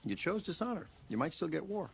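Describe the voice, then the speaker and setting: A man's voice: fairly high pitch, very animated, fairly quick, gravelly, slightly rough, full character voice. An actor playing a composed man who delivers a cutting rebuke in a dry, understated film dialogue clip.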